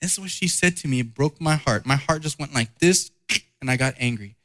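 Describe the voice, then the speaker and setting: A man's voice: medium pitch, brisk, a bit bright. Male pastor, mid-range voice, earnest emphatic sermon delivery built on repetition. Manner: earnest, repetitive emphatic preaching with personal stories.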